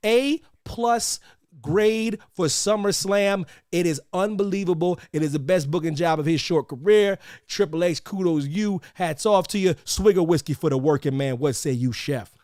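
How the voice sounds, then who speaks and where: Excitable male podcast host. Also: high voice, moderate pace, no echo, clean studio sound. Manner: loud, excitable, trash-talking banter. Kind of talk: casual wrestling podcast chat.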